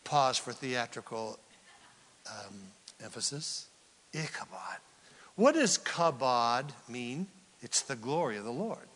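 A male pastor preaching a sermon, swinging from loud outbursts to near whispers. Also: mid-range voice, sing-song, unhurried. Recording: long hall reverb.

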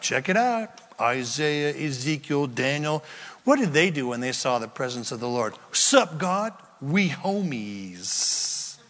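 A man preaching a sermon as a pastor, stressing key words with drawn-out emphasis. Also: fairly high pitch, a bit bright. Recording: long reverb of a large hall.

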